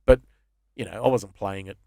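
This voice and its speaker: A man's voice: fairly low pitch, normal speed, gravelly, warm tone, dry recording, clean studio sound. An Australian man in his fifties, a comedian and podcast guest, telling rambling stories with plenty of swearing in a casual chat. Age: 50s.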